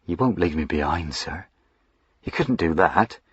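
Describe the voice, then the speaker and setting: A man voicing a quiet, devoted male servant who speaks softly in a rustic dialect. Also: deep voice, lively intonation, measured pace, husky, no echo, highs cut off, heavily acted. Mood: quiet, earnest. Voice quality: soft-spoken, rustic dialect. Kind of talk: audiobook character voicing.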